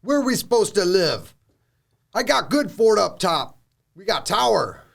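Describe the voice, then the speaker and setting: A man's voice: high voice, sing-song, unhurried, fairly bright tone, pitched above the performer's own voice, exaggerated voice. A man voicing a suspicious male orc chief who talks in blunt broken sentences, raised above his own voice. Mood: grumbling. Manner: broken simple grammar, gruff.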